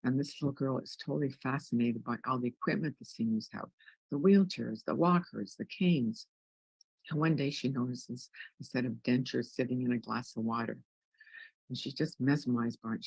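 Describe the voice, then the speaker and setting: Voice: mid-range voice, gravelly, a little mellow, husky, no room sound, poor audio. A wellness guest in an interview, upbeat and jokey, often restarting words.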